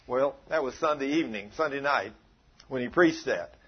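Husky preacher telling a story. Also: male voice, mid-range voice, moderate pace, muffled recording. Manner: animated, swings from shouting to hushed. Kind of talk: storytelling sermon.

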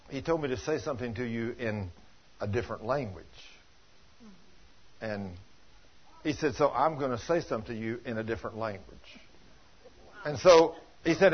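A man preaching a sermon in a folksy, animated way, retelling conversations as stories. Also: medium pitch. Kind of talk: sermon storytelling. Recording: dull lo-fi recording.

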